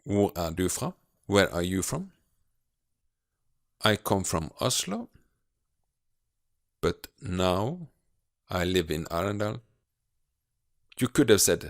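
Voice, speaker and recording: A man giving a video grammar lesson as a teacher, explaining slowly and patiently with frequent hesitations. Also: deep voice, sing-song, creaky, dry recording, clean studio sound. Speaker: language teacher.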